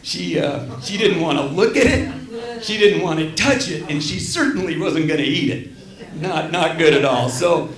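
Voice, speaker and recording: A man's voice: a little high, animated, moderate pace. A middle-aged man performing a stand-up set on a small theater stage, self-deprecating and rambling, often breaking off to apologize. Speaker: stand-up comedian. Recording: roomy live theater sound.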